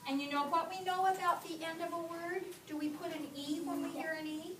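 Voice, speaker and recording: A woman with a high, bright voice teaches young children in a lively, sing-song way, drawing out words as she reads aloud. She sounds distant from the camera in an echoey classroom, and steady background noise sits behind her. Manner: animated, sing-song, slows to model reading. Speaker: kindergarten teacher. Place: classroom, indoors.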